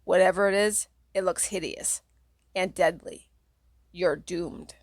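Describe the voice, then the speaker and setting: A woman voicing a teenage boy who shouts back in alarm and then grimly says they are doomed. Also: lowish voice, steady tone, unhurried, no echo, clean studio sound. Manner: shouting, gloomy. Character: mean teenage boy, older brother.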